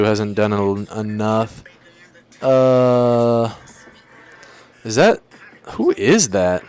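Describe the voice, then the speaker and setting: A man's voice: mid-range voice, clean tone. A young man hosting a livestream, ranking players in casual, slangy banter and talking back to his chat. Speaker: livestream host.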